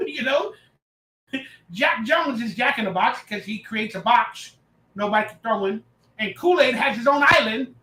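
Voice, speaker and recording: Excitable high-voiced male stream host. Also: moderate pace, echoey room, rough recording. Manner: loud, excitable, reads chat aloud. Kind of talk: casual live reaction chat.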